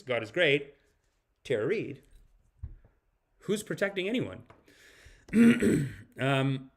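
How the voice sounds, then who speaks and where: A man's voice: fairly high pitch, fairly bright tone. Rambling male live-stream commentator. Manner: rambling, restarts a lot, reacts to chat. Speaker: podcast host.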